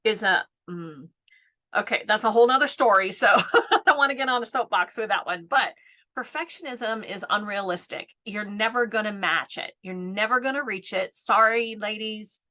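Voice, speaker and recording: A woman in her fifties, working as a business coach, talks casually in a live coaching session with a mid-range, sharp voice at a moderate pace. She laughs a lot and keeps punctuating her points with "right?".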